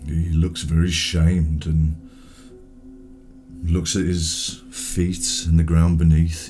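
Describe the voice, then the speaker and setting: A man narrating a tabletop game as game master, setting each scene in a measured way with the odd filler. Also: extremely low pitch, warm tone.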